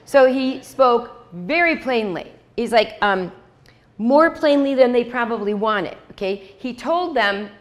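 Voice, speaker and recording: Woman preaching, slightly high voice. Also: expressive, unhurried. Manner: conversational, repeats key lines, frequent "okay?" and "right?" asides; acts out short dialogues in quoted voices. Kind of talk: sermon.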